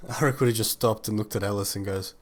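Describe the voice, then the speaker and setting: A man with a low voice plays a tabletop game and speaks in character at times. His humor is dry and deadpan. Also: moderate pace. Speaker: player. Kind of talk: casual tabletop play.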